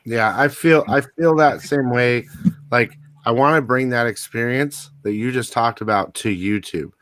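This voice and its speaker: A man hosting a live online show, chatting in a relaxed, easygoing way. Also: mid-range voice, measured pace, no room sound. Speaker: host. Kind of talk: casual live-stream chat.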